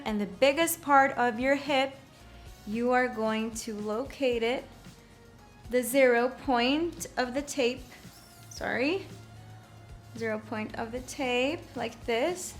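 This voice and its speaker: A young woman, a shapewear presenter, gives a casual how-to demonstration at a slow pace. Her voice is fairly high, soft music plays behind her, and she repeats words and checks in with "okay?"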